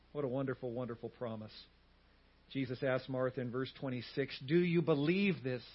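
A male pastor preaching a sermon, swinging from loud emphatic lines to hushed, quiet words. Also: mid-range voice, husky, muffled recording.

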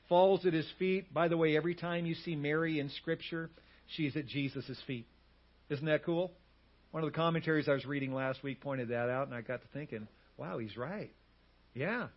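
A male pastor preaching a sermon, swinging from loud emphatic lines to hushed, quiet words. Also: a little high, highs cut off.

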